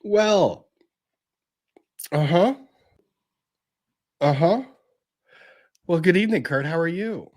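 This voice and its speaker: A man hosting a casual livestream chat, excitable and quick to laugh. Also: a little high. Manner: giggly, excitable, laughs often. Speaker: host.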